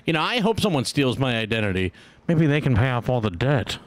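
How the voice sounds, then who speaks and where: Smooth-voiced man with dry jokes. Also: medium pitch, big pitch swings, a little fast, no room sound. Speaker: co-host. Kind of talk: casual chat.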